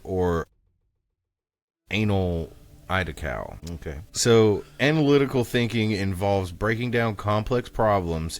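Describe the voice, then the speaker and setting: A young man co-hosting a casual podcast chat, joking crudely and swearing freely. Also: low voice. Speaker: podcast co-host.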